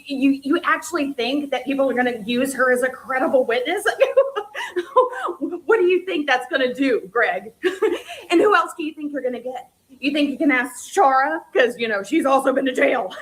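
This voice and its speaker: A woman's voice: high voice, animated, normal speed, low-quality recording. A woman playing a bitter, scorned woman in a comedy skit, taunting and laughing scornfully between jabs.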